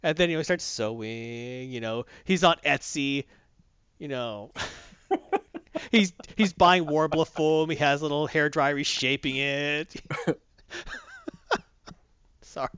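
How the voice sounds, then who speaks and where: A man's voice: fairly high pitch, slow pace, long pauses, fairly bright tone, clean tone, dry recording. A man hosting a comics podcast, rambling and chatty with lots of fillers, recorded dull and lo-fi. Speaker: comic book podcast host. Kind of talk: casual chat.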